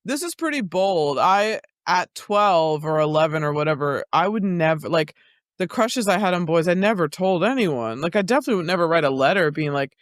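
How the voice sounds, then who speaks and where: A woman's voice: fairly low pitch, animated, brisk, no echo. Woman guest host chiming in, laughy and casual, dry mic. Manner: reactive, laughs and interjects often. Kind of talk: casual podcast chat.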